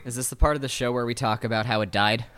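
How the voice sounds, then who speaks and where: A man's voice: mid-range voice, fairly even intonation, fast, fairly bright tone. A man in his thirties who is a guest on a comedy podcast, chatting in a wry, self-deprecating way. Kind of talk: casual comedic chat.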